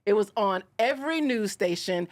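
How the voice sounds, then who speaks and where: A woman's voice: medium pitch, moderate pace. A woman guest on a podcast, telling a story in a dramatic, sassy way and acting out the voices of the people in it. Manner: dramatic, acts out voices and shrieks in stories; sassy, expressive. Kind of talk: animated storytelling chat. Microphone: studio podcast mic.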